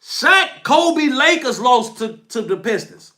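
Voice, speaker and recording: A man's voice: extremely high pitch, big pitch swings, slow, sharp tone. A young man hosting a livestream, speaking as he scolds his chat in a heated, repetitive, slangy rant. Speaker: livestream host.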